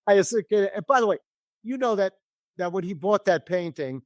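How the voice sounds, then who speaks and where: A man's voice: sits high, fairly quick, no room sound. Male guest spinning an anecdote, slipping into others' voices; dry studio sound. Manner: acts out quoted voices while telling a story. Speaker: interview guest. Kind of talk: animated storytelling in an interview.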